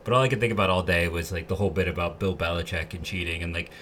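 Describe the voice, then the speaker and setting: A man's voice: low-pitched, racing, fairly bright tone, a little hiss or hum. A man hosting a sports podcast, talking casually in a rambling, candid way with lots of fillers and restarts. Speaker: podcast host.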